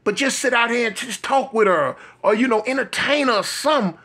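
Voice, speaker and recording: Man quoting his friend: a young guy pleading for a favor, low-key and coaxing. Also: fairly quick, sharp tone, heavily acted.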